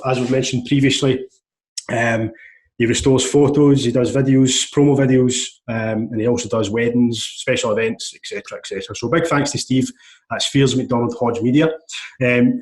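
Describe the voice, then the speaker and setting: A man hosts a podcast over a video call in a friendly, chatty way. He laughs easily as he runs through the housekeeping and brings in his guest. His voice sits at an ordinary, mid-range pitch. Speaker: podcast host. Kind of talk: casual chat.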